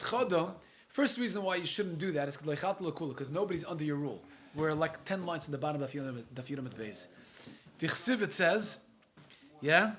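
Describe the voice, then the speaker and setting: A man's voice: high-pitched, a bit bright. A man, a rabbi, teaching a casual Talmud class to a live group. He reads short Aramaic phrases, then explains them in chatty English, thinks aloud and jokes with his students.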